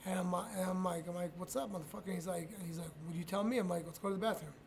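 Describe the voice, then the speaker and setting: A man's voice: sits high, steady tone, quick pace, a little hiss or hum. A middle-aged man, a retired fighter, telling profane, rambling stories in a casual interview, with many restarts and laughs.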